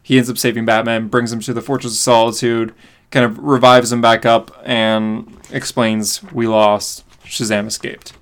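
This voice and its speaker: A man's voice: medium pitch, level tone, normal speed, a bit bright. A man co-hosting a podcast, casually recapping a comic book story with enthusiasm and frequent fillers. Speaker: podcast co-host.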